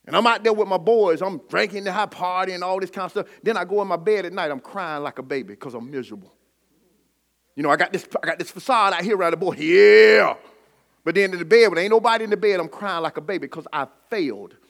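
A high, bright-toned man preaches a sermon. He is middle-aged and talks in a call-and-response style that climbs into shouting. His voice carries a forceful edge. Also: fast talker. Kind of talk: sermon with personal testimony.

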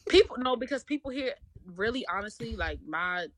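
A woman's voice: fairly high pitch, lively intonation, a little fast, fairly bright tone. A woman in her thirties from Baltimore County with a Baltimore accent, talking casually as a guest and laughing often. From Baltimore County, USA. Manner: chatty, laughing, lots of "like". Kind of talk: casual chat.

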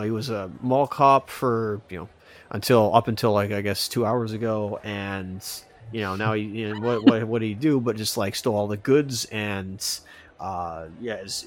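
A man co-hosting a podcast, chatting casually and rambling about a TV episode with lots of restarts. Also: on the low side. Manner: rambling, with many fillers and restarts. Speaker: podcast co-host. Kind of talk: casual chat reviewing a TV episode.

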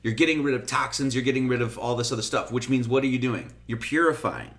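A middle-aged man with a mid-pitched voice gives an informal sermon, talking like a teacher. He reads scripture aloud with emphasis and then unpacks it conversationally, asking rhetorical questions as he goes. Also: fast, a bit bright. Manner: conversational, rhetorical questions, frequent "okay?" and "right?". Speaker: teacher of esoteric Bible study.

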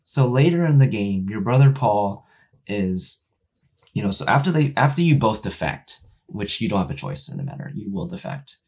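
A man with a low, husky voice chats casually at a moderate pace, rambling and swearing through plenty of fillers. Retelling a story, he acts out the characters' lines and gets loud and excited when making a point. The sound is dull and lo-fi.

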